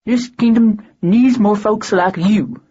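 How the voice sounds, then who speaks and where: A woman voicing a big, gruff male bridge troll who drives a cab, with a blunt, folksy way of talking, in a slightly muffled audiobook recording. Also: mid-range voice, takes it slowly, mellow, pitched above the performer's own voice. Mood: friendly.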